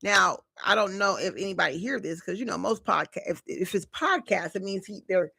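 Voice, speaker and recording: A woman's voice: medium pitch, a little fast, creaky, pushed and bright, slightly rough. A woman giving a live collective tarot reading, talking casually and directly to her viewers with slang and frequent chatty asides. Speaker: tarot reader.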